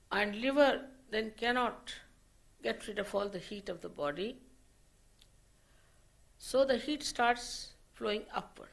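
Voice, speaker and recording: A woman giving a slow, deliberate spiritual lecture, in a 1990 archive recording. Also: a little high, vocal fry. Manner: slow, deliberate teaching with rising emphasis. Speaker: spiritual teacher.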